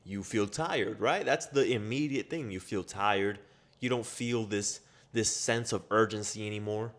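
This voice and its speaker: A man's voice: fairly low pitch, fairly bright tone. Blunt, profane motivational man. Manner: blunt and profane, firing rapid rhetorical questions. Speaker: self-improvement speaker. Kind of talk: motivational monologue.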